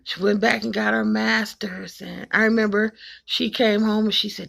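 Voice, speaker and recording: A woman in her forties from Cleveland, telling folksy, animated family stories to the camera and hushing her voice to mimic her mother. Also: mid-range voice, normal speed, vocal fry. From Cleveland, Ohio. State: emotional, choked up at times. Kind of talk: personal storytelling to camera.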